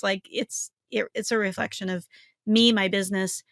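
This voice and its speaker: A woman co-hosting a casual business webinar, telling animated stories and acting out quotes in a higher voice. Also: normal speed, no echo, clean studio sound. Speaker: webinar co-host, business coach and podcaster.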